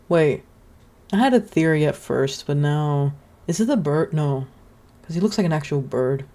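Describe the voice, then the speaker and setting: A woman's voice: low-pitched, animated, normal speed, warm tone, a little hiss or hum. A woman giving casual gameplay commentary, chatty and giggly with playful suspicion. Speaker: gaming channel host.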